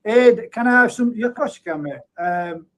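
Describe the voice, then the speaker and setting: A man's voice: sits high, expressive, moderate pace. A man hosting a live stream, chatting in a matey way and reading out viewer comments with frequent chuckles. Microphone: streaming setup at a computer.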